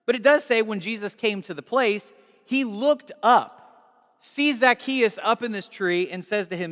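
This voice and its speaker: A man preaching a sermon in a conversational, animated way, recorded in a large church hall with long reverb. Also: sits high, a little slow. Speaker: pastor.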